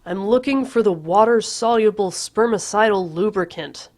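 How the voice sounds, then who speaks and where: A woman voicing a vain, impatient young man who calls back in loud, clipped shouts. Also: on the low side, animated, takes it slowly, creaky, dry recording, full character voice. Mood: irritated.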